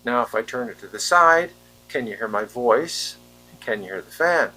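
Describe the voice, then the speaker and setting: Reviewing a wireless handheld mic in an indoor room with a fan going, a man plainly quizzes the viewer on whether his voice and the fan can be heard. He has an animated, mid-range, pushed and bright voice at normal speed. The recording is low quality, with a faint fan hum.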